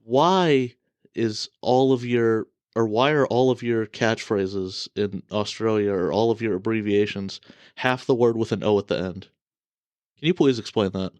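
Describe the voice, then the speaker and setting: A man's voice: on the low side, unhurried, darkish tone, clean tone, no room sound. An American man co-hosting a podcast, trading blunt, profane, teasing banter. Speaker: podcast co-host.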